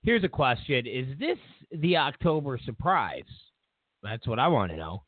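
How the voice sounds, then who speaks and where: A man's voice: medium pitch, sing-song, measured pace, no room sound. A male talk show host telling a rambling story in a casual monologue, full of restarts and fillers. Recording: tinny phone-like line.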